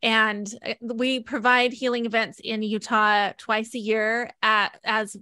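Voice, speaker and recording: This is a gushing, emotional woman hosting an event. Her voice sits a touch high and sounds dry and close, with no room around it. She talks over a video call. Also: little pitch movement, slow, sharp tone, clean tone, no room sound. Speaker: event host. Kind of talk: casual group chat.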